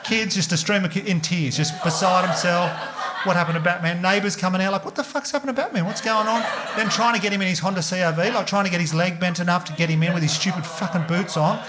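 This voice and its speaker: Aussie bloke doing stand-up, fairly high voice, loud club crowd noise, swears a lot and jumps into character voices. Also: male voice, quick pace. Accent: Australian. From Australia. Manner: animated, swearing, acts out voices with big pitch jumps. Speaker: stand-up comedian. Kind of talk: stand-up comedy storytelling. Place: comedy club stage before a laughing audience. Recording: comedy club with audience noise.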